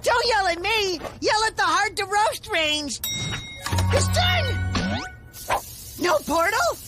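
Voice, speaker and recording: An actor voicing an excitable, hungry cartoon boy who whines and cries out dramatically. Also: extremely high pitch, slow pace, loud music behind the voice, exaggerated voice. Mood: frantic. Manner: whiny, dramatic, loud exclamations. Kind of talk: cartoon voice acting.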